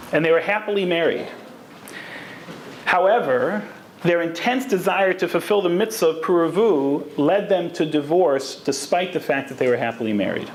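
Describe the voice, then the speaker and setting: Lecturer, male, mid-high voice, storytelling delivery, echoey hall with faint noise. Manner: storytelling, Hebrew terms woven in. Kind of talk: lecture on Jewish law.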